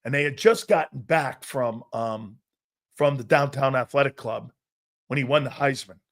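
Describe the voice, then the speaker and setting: Speaking at normal speed in a mid-range voice, this middle-aged man hosting a sports talk show spins a lively, foul-mouthed story and acts out its characters at full volume.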